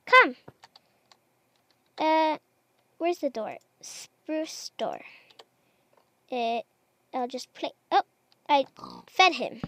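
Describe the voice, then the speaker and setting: A woman's voice: high-pitched, fairly bright tone. A woman casually commenting as she plays a building game, chatty and unsure of herself, talking to the animals she meets. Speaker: gamer. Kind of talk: casual Minecraft let's play commentary.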